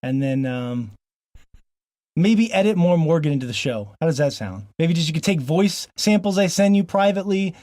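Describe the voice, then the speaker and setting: A man's voice: on the high side, lively intonation, moderate pace, warm tone, no echo, clean studio sound. A man from Montana hosting a casual podcast, joking and laughing often between frequent ums. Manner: jokey, laughs often, fillers like um. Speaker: podcast host.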